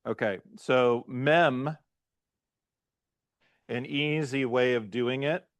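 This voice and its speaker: A man in a classroom lesson, speaking slowly and patiently at a middle pitch. He quizzes his students and keeps checking in with them, and the sound is dry and close. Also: steady tone, dry recording. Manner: quizzes students, often checks with "right?" and "okay?". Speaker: pastor teaching a Hebrew class.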